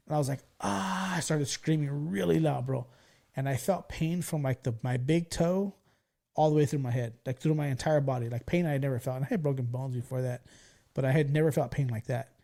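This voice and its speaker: A man in his forties from California, hosting a podcast and telling stories in a loose, profane, excitable way. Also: mid-range voice, brisk, vocal fry. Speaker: podcast host. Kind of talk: casual storytelling chat.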